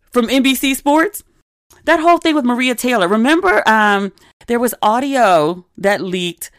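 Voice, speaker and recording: A young adult woman hosting a podcast, telling stories in casual, animated chat with frequent asides. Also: medium pitch, no echo, clean studio sound. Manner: animated, conversational storytelling with asides. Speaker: podcast host.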